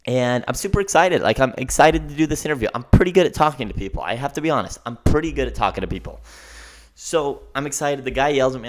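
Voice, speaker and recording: A young man hosting a podcast, telling a story in an animated, ranting monologue and often asking "okay?". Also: mid-range voice. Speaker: podcast host.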